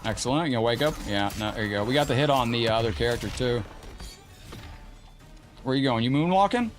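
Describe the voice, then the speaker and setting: A man talks through a live fighting-game stream in a loose, chatty way, reacting to the match and greeting viewers by name. His voice sits at an ordinary middle pitch, with faint game music under him. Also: very fast. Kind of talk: live gameplay commentary and chat.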